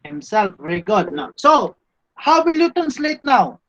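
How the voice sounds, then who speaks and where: Slow Cebuano-accented man teaching Greek. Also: very high-pitched, big pitch swings, a bit bright. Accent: Filipino, Cebuano. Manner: slow, patient, stops to quiz students. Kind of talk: classroom grammar lecture. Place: classroom. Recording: dull lo-fi classroom recording.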